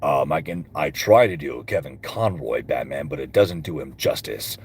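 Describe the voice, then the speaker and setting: During a relaxed livestream Q&A, this male voice actor fields fan questions and drops into character impressions between answers. He has a rumbling low voice with lively intonation at normal speed, and there's a little hiss or hum.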